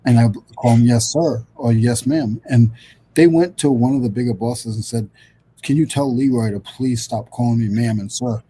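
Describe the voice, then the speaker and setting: A man's voice: mid-range voice, normal speed, mellow, breathy edge, low-quality recording. A middle-aged man from Rhode Island hosting a casual livestream chat over a video call, rambling with lots of fillers and restarts. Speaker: host.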